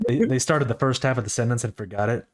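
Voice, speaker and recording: Male podcast co-host, relaxed, mid-range voice, talks through his thoughts. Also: mid-range voice, quick pace. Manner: easygoing, thinks aloud with restarts. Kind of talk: casual podcast chat.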